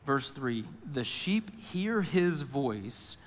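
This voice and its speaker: A male pastor preaching a sermon, who moves between hushed, intimate lines and loud, emphatic ones and often speaks in the first person as the people he describes. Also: medium pitch, big pitch swings, very slow. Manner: voices Jesus and worried listeners in first person. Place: church auditorium. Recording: long hall reverb.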